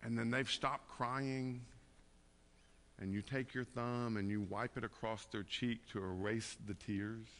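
A man delivers a sermon in a conversational way, dropping soft and then rising into loud emphasis. His voice has a bright, forceful edge at a middle pitch. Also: fairly even intonation, measured pace. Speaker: pastor.

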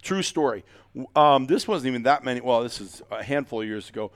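A middle-aged man hosts a podcast in a loose, rambling way, joking and restarting his sentences often. His voice is smooth and resonant. It is recorded dry and close, with no room sound. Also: medium pitch, animated, a little fast, no room sound. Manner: rambling, jokey, many fillers and restarts. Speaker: podcast host. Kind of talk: casual chat.

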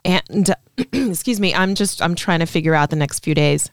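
A woman's voice: lowish voice, expressive, moderate pace, no room sound, studio quality. A woman in casual podcast conversation, telling an emotional story and acting out the lines of the people in it. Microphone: studio mic.

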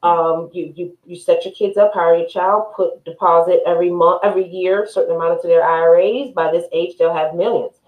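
Woman, podcast guest, lower voice, frank and emphatic, echoey recording. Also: fairly even intonation, phone-quality sound. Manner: frank, emphatic, quick to agree. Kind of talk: casual interview conversation. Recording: echoey room sound.

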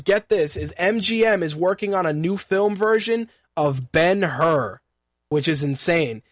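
A man in his thirties runs a radio talk show and chats through the news in a loose, joking way, stumbling over words and filling gaps as he goes. His voice sits a little higher than most men's. The sound is dry and close, with no room around it. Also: no room sound. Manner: offhand and joking, with frequent fillers and restarts. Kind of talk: casual news commentary.

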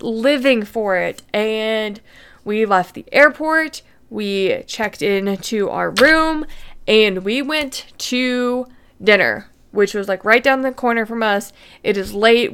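Woman, podcast host, casual story monologue, chatty, repeats words, smooth clear voice, slightly high. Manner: chatty, animated, repeats words, voices her own inner panic. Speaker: podcast host and money coach.

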